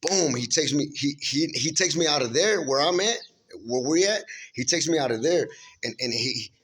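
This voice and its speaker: Man, slightly high voice, faint noise behind; earnest rambling testimony, lots of restarts. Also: lively intonation, normal speed, fairly bright tone. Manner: earnest, rambling, many restarts and "you know what I'm saying"; emphatic, informal storytelling. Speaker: speaker recounting a spiritual vision. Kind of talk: casual spoken testimony.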